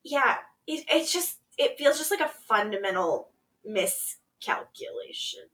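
A woman co-hosting a podcast, casually recapping episodes, animated and laughing often as she acts out quotes. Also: on the high side, a little slow. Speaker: podcast co-host.

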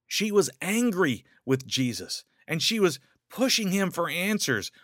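A man preaching a sermon, rising into urgent questions and dropping to hushed, slow lines. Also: sits high, big pitch swings, no room sound, clean studio sound. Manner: dramatic swings between raised urgent questions and soft hushed lines.

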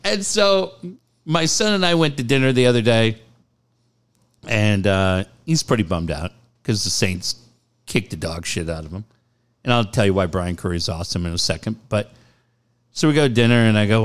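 A man in his forties hosting a talk radio show, telling blunt, animated stories with swearing and reading ads. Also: on the low side, moderate pace, long pauses, clear, resonant tone. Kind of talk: casual sports talk and live ad reads.

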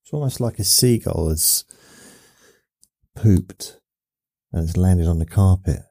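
A man hosting a podcast, softly spoken, rambling along in a meandering monologue meant to lull listeners to sleep. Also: low voice, slow pace, gravelly, dry recording. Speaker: podcast host.

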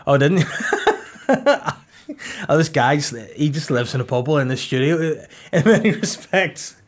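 A man's voice: a little high, very animated, unhurried. A man, hosting a podcast in casual, rambling chat that runs on jokes and swearing. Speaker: podcast host. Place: podcast studio.

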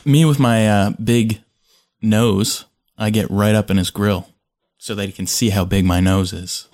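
A man playing a tabletop game, playful and quick to laugh. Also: lowish voice, fairly even intonation, a little mellow. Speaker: player. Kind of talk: casual tabletop game play.

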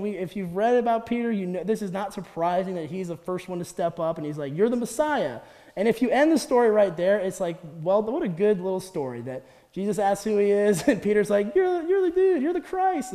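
A young man with a high, mellow voice gives a chatty guest sermon, laughing often and acting out the quotes he tells. His voice rings out with the long reverb of a large hall. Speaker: guest speaker. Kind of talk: casual sermon.

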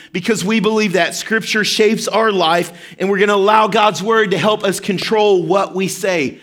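A male pastor with a notably high voice preaches a sermon in church. He keeps it upbeat and interactive, checking in with the congregation as he goes. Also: steady tone, moderate pace, hardly any pauses, fairly bright tone. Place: church service before a congregation.

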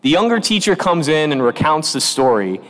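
A man preaching a homily as parish priest, telling stories with animated quoted voices, recorded in a church. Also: a little high, moderate pace. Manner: storytelling with lively quoted voices. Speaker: pastor. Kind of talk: sermon. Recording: long reverb of a church.

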